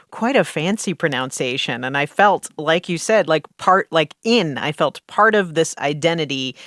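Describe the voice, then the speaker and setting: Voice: mid-range voice, fairly bright tone, no room sound, clean studio sound. An interview host chatting casually, engaged and peppered with "like". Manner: casual, uses "like" often, engaged. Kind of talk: interview conversation.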